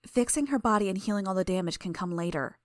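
A woman voicing a sly young woman in a fan audiobook, speaking in a smooth, coaxing way. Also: mid-range voice, lively intonation, fast, dry recording, clean studio sound, close to an everyday voice.

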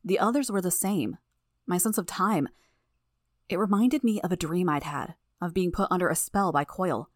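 A woman's voice: fairly low pitch, normal speed, no echo. Woman narrating an audiobook, dry sound. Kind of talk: first-person audiobook narration.

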